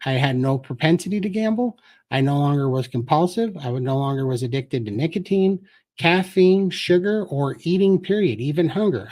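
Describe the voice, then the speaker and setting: Male guest, earnest and explanatory, mid-pitched voice, live-stream chat. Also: darkish tone. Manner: earnest, explanatory, tells his story.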